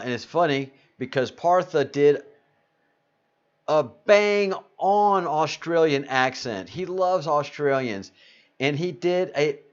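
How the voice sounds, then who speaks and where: Guy rambling on his livestream, reading chat names, mid voice, kinda muffled lo-fi audio. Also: medium pitch. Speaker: livestream host. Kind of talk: casual live-stream chat. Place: Spain. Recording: slightly dull lo-fi audio.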